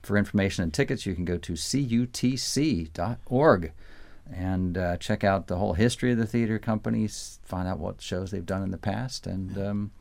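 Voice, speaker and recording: A man hosting a live local radio show, chatting easily with guests and reading announcements in a relaxed way. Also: deep voice, normal speed, gravelly, no echo. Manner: relaxed, chatty, easy laughs. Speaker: radio host. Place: radio studio. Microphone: studio microphone.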